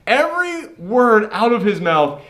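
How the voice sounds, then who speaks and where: A man's voice: high-pitched, unhurried. A man co-hosting a movie review show, talking casually and with strong opinions, often acting out lines from the film. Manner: lively, opinionated, acts out quoted lines.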